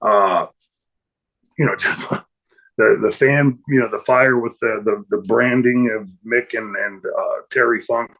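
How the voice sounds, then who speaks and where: A man's voice: fairly low pitch, slow pace, creaky, fairly bright tone, low-quality recording. A middle-aged man telling a long story in an interview, rambling with many fillers and restarts. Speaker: interview guest, former wrestler.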